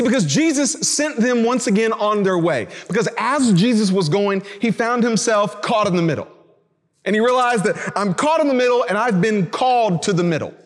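A male preacher giving a sermon in a casual, conversational way, with slang asides. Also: high-pitched. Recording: reverberant hall.

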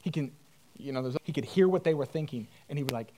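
A man's voice: mid-range voice, animated, fast talker, mellow, a little hiss or hum. A man preaching a sermon as pastor, earnest and emphatic, in casual everyday speech.

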